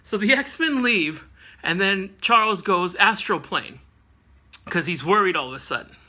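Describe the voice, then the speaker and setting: A man's voice: high-pitched, lively intonation, unhurried, sharp tone. A man casually recapping a comic issue with rambling, jokey asides. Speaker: comic book reviewer.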